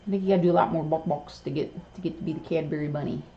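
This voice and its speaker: A woman's voice: low-pitched, very fast, echoey room. A woman talking in sing-song baby talk to her pet bird on a live stream. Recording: dull lo-fi with steady noise.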